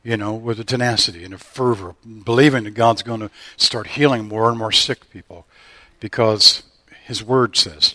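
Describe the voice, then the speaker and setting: A man's voice: fairly low pitch, moderate pace, bright, forceful tone, no room sound. A man who is a pastor, preaching a sermon and often asking the congregation if they hear him. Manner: preaching with call-and-response questions.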